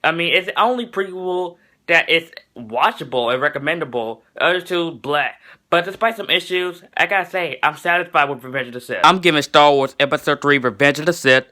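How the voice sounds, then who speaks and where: A teenage boy reviewing a film in casual talk, excitable and gushing, with bursts of mocking sarcasm. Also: fairly high pitch, brisk. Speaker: movie reviewer.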